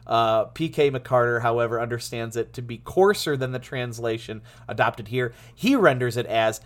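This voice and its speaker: A man teaching through a Bible passage in a lively way, laughing often and restarting his words. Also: mid-range voice, moderate pace.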